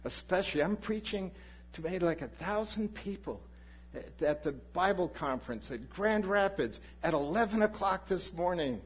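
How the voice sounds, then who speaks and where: A male pastor preaching a sermon, telling a personal story in an animated way and acting out the people in it. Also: high-pitched, normal speed, breathy edge. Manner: animated anecdote, voices the people in his story.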